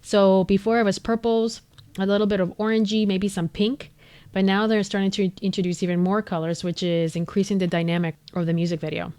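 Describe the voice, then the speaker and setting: A woman speaks in casual commentary as a 3D artist reacting to a music video. She sounds enthusiastic and chatty, with little asides and fillers. Her pitch sits in the middle of the usual range. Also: a little mellow, clear, resonant tone.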